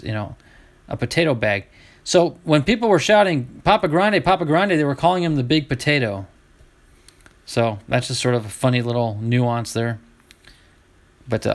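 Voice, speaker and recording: A middle-aged man hosting a live baseball card break, chatting casually with his viewers as he sorts cards. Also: medium pitch. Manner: chatty, talks to chat viewers while sorting cards.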